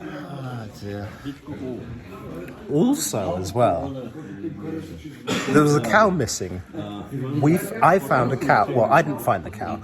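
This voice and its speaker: A man's voice: mid-range voice, big pitch swings, takes it slowly, long pauses. A man chatting in a casual vlog from a busy village shop, amused and rambling. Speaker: vlogger. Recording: loud crowd chatter behind.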